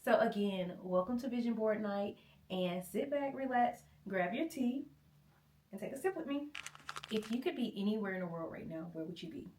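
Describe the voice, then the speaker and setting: A woman's voice: mid-range voice, lively intonation, moderate pace, a little mellow, distant mic, slight background noise. A woman, hosting a vlog in a chatty, playful way and laughing often. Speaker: vlog host. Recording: roomy, from off the mic.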